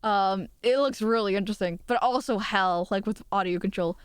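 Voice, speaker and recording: A woman's voice: mid-range voice, normal speed, hardly any pauses, clear, resonant tone, no echo, clean studio sound. A woman streamer chatting casually with her chat, rambling and giggling as she talks. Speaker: VTuber streamer.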